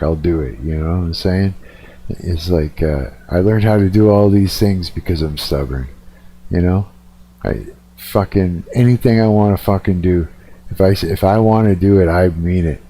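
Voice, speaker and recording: A man's voice: low-pitched, warm tone. A man chatting casually on a live stream, a little tired, rambling and swearing freely. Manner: profane, rambling, restarts sentences. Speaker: livestreamer.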